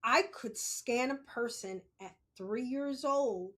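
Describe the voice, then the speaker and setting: Middle-aged woman podcast host, fairly high voice, blunt and profane, candid monologue with loud laughing asides. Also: takes it slowly.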